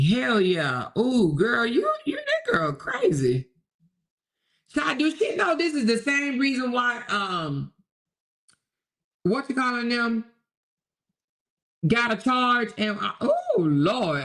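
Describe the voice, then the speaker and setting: A woman hosting a casual livestream commentary, animated and exclamatory, talking straight to her viewers and reading their comments aloud. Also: medium pitch.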